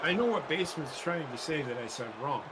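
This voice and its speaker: High-voiced, profane gamer guy. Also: lively intonation, fairly quick, background noise. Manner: profane, blunt, rambling. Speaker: co-host, gamer. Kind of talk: casual banter over gameplay.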